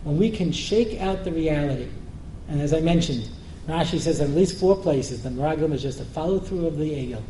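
A rabbi's humorous Torah talk, full of jokes and repeated questions to the audience, comes through in a roomy hall with faint background noise. His voice is on the high side with a dark tone, moving a little fast.

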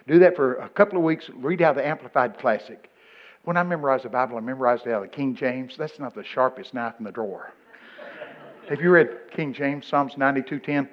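A man, preaching a storytelling sermon. He jumps into high shouting voices for the people he quotes. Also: lively intonation, fairly quick.

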